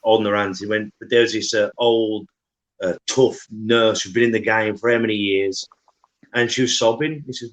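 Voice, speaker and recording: A man's voice: on the low side, steady tone, normal speed, poor audio. A man co-hosting a podcast, ranting and telling stories animatedly in casual chat. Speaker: podcast co-host.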